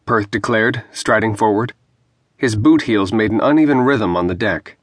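A man narrating a fantasy novel in a measured, even storytelling manner on a close studio mic. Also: fairly low pitch, no room sound. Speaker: audiobook narrator. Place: dry recording booth.

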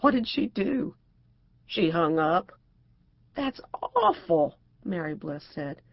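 A woman's voice: on the low side, sing-song, a little slow, dry recording, lo-fi sound, full character voice. A woman narrator voicing a prim, cautious middle-aged housewife who speaks properly and frets. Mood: prim, fretful. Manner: proper and fretful.

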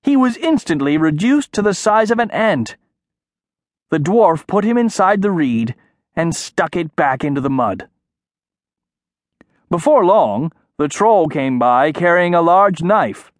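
A man narrating a children's audiobook in a measured, expressive way, recorded in a studio. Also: fairly high pitch, no echo. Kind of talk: scripted narration.

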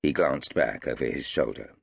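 A man narrating an audiobook in a wry, measured way. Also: a bass voice, gravelly, husky, no room sound, clean studio sound. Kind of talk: scripted narration. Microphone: studio microphone.

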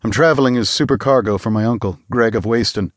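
A man voicing a proud young landsman who speaks flatly. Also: mid-range voice, quick pace, dry recording, studio quality, close to an everyday voice. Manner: flat, clipped.

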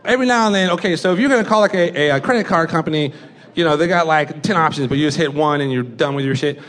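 A man's voice: on the high side, fast, a bit bright. A young man doing a stand-up comedy set, rambling and profane, often laughing at his own jokes. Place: comedy club stage. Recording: live club recording with audience noise. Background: audience laughter and chatter.

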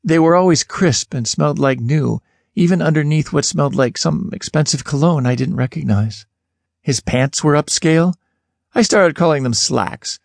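This first-person audiobook narrator has a creaky voice and a normal pace, reading expressively and sharply raising his pitch on questions. It's a close studio-booth recording with no room sound.

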